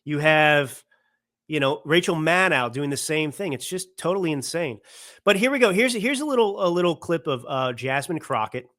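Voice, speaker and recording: A man's voice: fairly high pitch, lively intonation, moderate pace, a bit bright. A man in his thirties or forties hosting a political commentary show, talking in a heated, emphatic way and often repeating himself. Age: 30s to 40s. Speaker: host.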